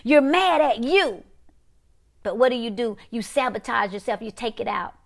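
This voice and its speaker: A woman preaching, emphatic and repetitive, dropping to quiet one-word punches. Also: fairly high pitch, moderate pace, vocal fry. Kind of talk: prophetic preaching to a viewing audience.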